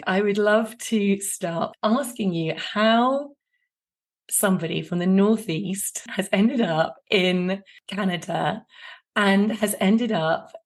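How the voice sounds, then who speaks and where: A woman's voice: mid-range voice, takes it slowly. A middle-aged woman hosting a podcast, introducing and questioning her guest in an effusive, gushing way. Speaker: podcast host. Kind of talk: podcast interview.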